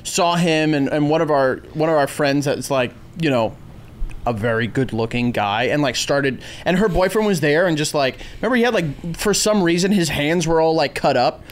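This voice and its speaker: A man with a slightly high voice talks casually on a podcast. His delivery is chatty as he recounts a story. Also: lively intonation, normal speed. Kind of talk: casual chat.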